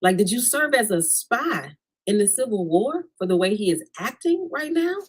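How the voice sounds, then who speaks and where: A woman comedian performs stand-up from home over a video call. Her delivery is animated and direct, addressing the crowd casually, at an average pitch. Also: moderate pace, breathy edge, rough recording. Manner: animated, talks straight to the crowd with "y'all". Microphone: remote video call.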